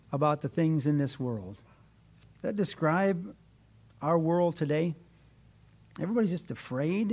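Male pastor, high voice, sermon delivery with dramatic loud-soft swings. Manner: wide swings between emphatic and hushed delivery.

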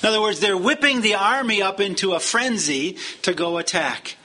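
A man's voice: high-pitched, normal speed, sharp tone. A man teaching a Bible lesson verse by verse in a conversational, explanatory way with frequent fillers.

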